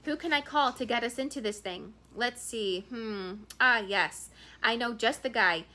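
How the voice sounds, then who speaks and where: A gruff, casual Russian office director voiced by a woman reading aloud mumbles and thinks out loud. His voice comes through bright and clear in an audiobook reading. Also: fairly high pitch, unhurried. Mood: eager.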